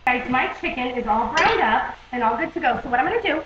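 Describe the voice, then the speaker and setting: Chatty high-voiced woman cooking at home. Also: lively intonation, quick pace, noisy background. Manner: chatty, repeats "okay?" and "guys". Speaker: cooking video host. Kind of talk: casual home cooking demonstration. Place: home kitchen. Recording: echoey, dull home video recording.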